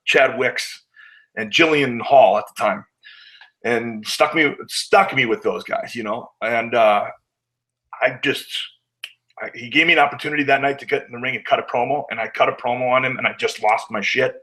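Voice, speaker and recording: A man's voice: mid-range voice, a bit bright, poor audio. A man, a wrestler guest, telling candid stories in a casual interview, acting out what others said and swearing now and then.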